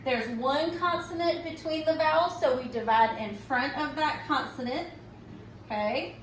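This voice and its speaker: A woman teacher slowly and patiently walking children through a recorded phonics lesson, often checking in with "okay?". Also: high-pitched, a little hiss or hum. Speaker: reading teacher. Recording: echoey room, mic at a distance.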